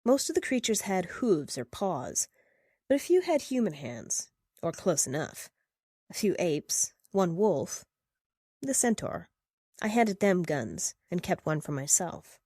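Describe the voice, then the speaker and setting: A woman narrating first-person fiction in a steady, measured reading. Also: fairly low pitch, dry recording, clean studio sound.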